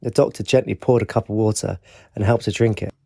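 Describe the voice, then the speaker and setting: Gravelly male audiobook narrator. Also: lowish voice, steady tone, fast, mellow. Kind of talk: scripted narration.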